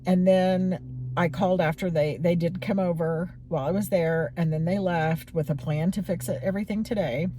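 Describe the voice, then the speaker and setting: A woman's voice: fairly low pitch, steady tone, moderate pace, mellow, a little hiss or hum. A woman in her forties talking candidly and rambling a little as she reflects on her own feelings in a personal vlog. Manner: candid, rambling, many fillers and restarts. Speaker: vlogger.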